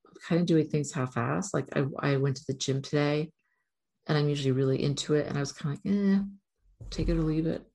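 A woman's voice: sits low, gravelly, darkish tone. A middle-aged woman vlogging in a rambling, candid way, swearing casually now and then. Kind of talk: casual spiritual vlog.

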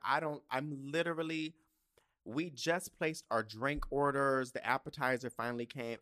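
A man hosting his own podcast, spinning casual stories with a lively, swooping delivery. He is campy and profane and acts out his own reactions. His voice sits at a middle pitch and sounds dry and close, with no room around it. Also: dry recording. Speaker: podcast host. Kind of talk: casual comedic storytelling.

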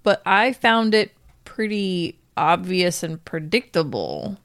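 A woman's voice: lowish voice, big pitch swings, slow pace, fairly bright tone. A woman co-hosting a podcast in casual chat, wry and opinionated, poking fun at herself. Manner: wry and opinionated, self-mocking. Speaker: podcast co-host.

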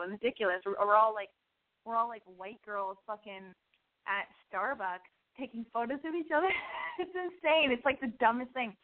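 A woman telling a comic story in an animated, rambling way, full of restarts and asides. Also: a little high, fairly quick. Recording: tinny phone-like sound.

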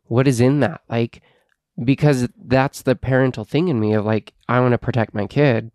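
A man's voice: medium pitch, steady tone, normal speed, a little mellow, no echo. Co-host, male parent, earnest and reflective, mid-range voice, dry close recording. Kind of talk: casual podcast chat.

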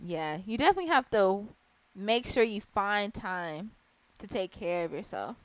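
A young woman, co-hosting a podcast and telling stories in a lively, casual way. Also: mid-range voice, normal speed, no room sound. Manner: animated storyteller, laughing and acting out moments. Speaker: podcast co-host. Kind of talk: casual chat.

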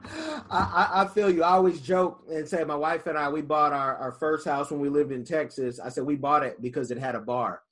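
A man in casual chat, relaxed and agreeable, stammering a little as he starts. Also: a little high, fairly quick.

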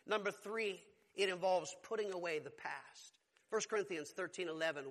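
A pastor delivers an emphatic sermon in a bright, ringing voice that sits high for a man. His exclamations climb in force as he preaches. Long reverb from a church hall trails each phrase. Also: normal speed.

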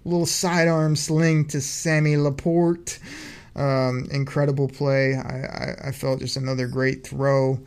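A man hosting a casual sports podcast, recapping game plays from his notes with excited play-by-play energy. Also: medium pitch, unhurried, clean tone. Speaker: podcast host.

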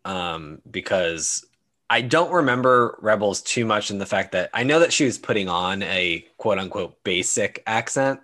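A man's voice: on the low side, normal speed. A man co-hosting a casual show, chatting loosely with many likes and you-knows. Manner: relaxed, says like and you know a lot. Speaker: podcast co-host. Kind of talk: casual chat.

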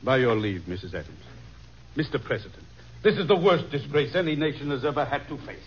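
A man's voice: medium pitch, expressive, fairly quick, slight background noise, lightly acted. A man playing a proud, curt statesman in a vintage radio drama. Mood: cold. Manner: curt, forceful. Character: proud, hawkish statesman, stern. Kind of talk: 1940s radio acting. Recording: dull old radio recording.

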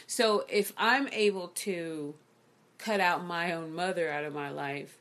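A woman with a slightly low voice chats as the host of her own show, speaking into a condenser mic over a video call. She tells stories with energy and puts on the voices of the people she quotes. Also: measured pace. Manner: animated storyteller who acts out quoted people. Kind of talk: casual chat.

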